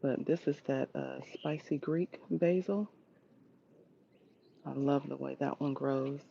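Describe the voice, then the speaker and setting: A woman's voice: extremely low pitch, slow pace, gravelly, warm tone, a little hiss or hum. A woman hosting a casual livestream walkthrough of her backyard garden, chatting with viewers and greeting them by name, recorded outdoors on a handheld phone. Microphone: phone held while walking. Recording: slightly dull phone audio.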